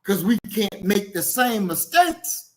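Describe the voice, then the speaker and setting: A man's voice: high voice, very animated, slow pace, rough recording. Blunt, emphatic man hosting a book talk. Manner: blunt, forceful and emphatic, repeats points for weight. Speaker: host discussing a book. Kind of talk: casual podcast discussion.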